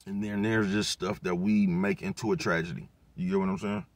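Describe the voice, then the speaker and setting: Dude talkin aave, chill and rambling, cussing a lot, kinda low voice, keeps checking you get him. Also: male voice, fairly even intonation, a little fast, dry recording. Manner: laid-back, profane street talk, constant "you know what I'm talking about". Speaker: vlogger giving life advice. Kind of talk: casual motivational monologue.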